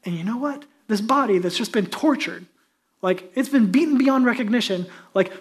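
A male pastor giving a conversational sermon that rises to emphatic, louder peaks. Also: high voice, lively intonation, normal speed, breathy edge.

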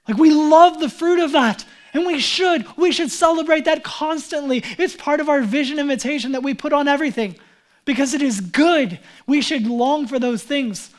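A man's voice: very high-pitched, moderate pace. A man preaching a sermon as pastor, talking casually and conversationally with many "like"s and acting out Bible figures in quoted speech. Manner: casual and conversational, heavy use of "like".

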